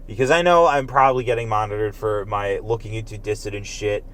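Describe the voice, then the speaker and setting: A man's voice: on the low side, fairly even intonation, fairly quick, fairly bright tone, a little hiss or hum. A man delivering a heated, profane political rant as a commentator, emphatic and agitated throughout.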